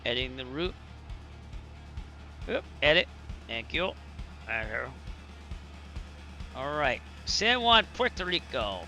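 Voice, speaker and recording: A man live-streaming flight sim commentary, excitable, effusive and grateful, chatting and thinking aloud as he sets things up. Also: mid-range voice, takes it slowly, pauses often, soft background music.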